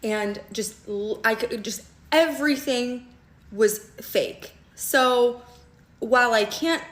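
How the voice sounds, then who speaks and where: A woman's voice: fairly high pitch, slow. A woman telling a dramatic personal story to camera, indignant and frank, swearing and often checking in with the listener. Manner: dramatic, keeps checking in with "okay?" and "all right?". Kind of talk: casual storytime monologue to camera. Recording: roomy echo.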